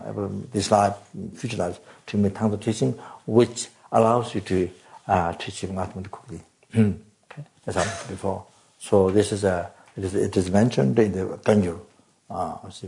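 A man teaches Buddhist Dharma in a low, gravelly voice. He halts often, repeats words and fills pauses with ums and uhs. Throat-clearing and coughs break up his talk. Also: a little mellow, low-quality recording. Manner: halting, many fillers and repeated words.

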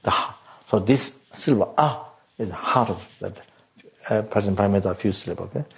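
Halting, gravelly-voiced man teaching Dharma. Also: on the low side, low-quality recording. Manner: halting, many fillers and repeated words; often clears throat and coughs. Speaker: Buddhist teacher.

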